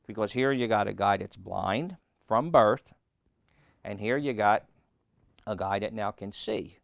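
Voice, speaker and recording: A man preaching a sermon, emphatic, rising loud and high on key points and calling out questions to the congregation. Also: unhurried, gravelly, no echo, studio quality.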